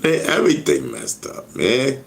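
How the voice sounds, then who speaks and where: A man's voice: mid-range voice, huge pitch swings, a little slow, vocal fry, slight background noise. A man hosting a casual livestream with speech, rambling and often repeating "you know what I mean.". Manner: gets loud and shouty when worked up. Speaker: livestream host.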